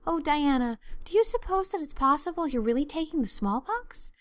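Woman doing a tearful, dramatic girl, high and breathless, storybook reading. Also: big pitch swings, moderate pace, no echo. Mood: anxious pleading. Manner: breathless, tearful, melodramatic pleading. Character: excitable, dramatic young orphan girl.

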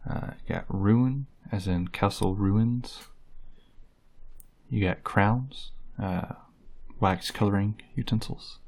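A man with a drawl talks slowly through a casual vlog, his voice sitting fairly low. He reads each item off a list, pausing on drawn-out "uh" fillers between them. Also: darkish tone. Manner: unhurried, reads words off a list with many "uh" fillers. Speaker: vlogger. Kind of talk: casual accent-tag video.

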